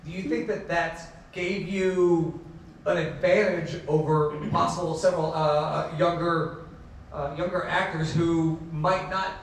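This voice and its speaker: A man moderating a convention panel, asking questions in a halting way with fillers. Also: on the high side, fairly even intonation, distant mic, a little hiss or hum. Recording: echoey hall, mic heard from afar.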